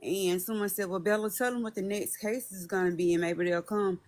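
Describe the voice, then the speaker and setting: A woman's voice: mid-range voice, steady tone, fairly quick, dry recording. A woman asking questions hesitantly with many fillers in a casual live chat.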